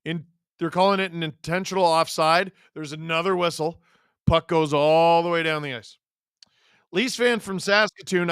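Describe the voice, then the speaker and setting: A man calls a game live as he watches, his high, sharp voice jumping into shouts when a big chance comes. He talks in an excitable, running stream of play-by-play. The sound is dry and close, with no room echo. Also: moderate pace, smooth.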